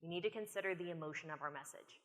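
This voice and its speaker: An American woman speaker giving an animated, storytelling conference talk from a stage. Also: on the low side, racing. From United States. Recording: long reverb of a conference hall.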